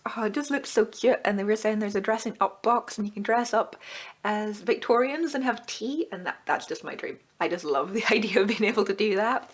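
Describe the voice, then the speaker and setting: A chatty woman talks through a magazine review in a relaxed vlog. She sounds enthusiastic, and her voice leaps higher whenever something delights her. A faint noise floor sits under the recording. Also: normal speed. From Britain. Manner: chatty and enthusiastic, with lively pitch jumps. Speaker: book club vlogger.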